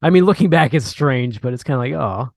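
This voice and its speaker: A man's voice: mid-range voice, fast talker, a little mellow, dry recording, clean studio sound. A man hosting a casual interview over a video call, talking in a laid-back, easygoing way. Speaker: host.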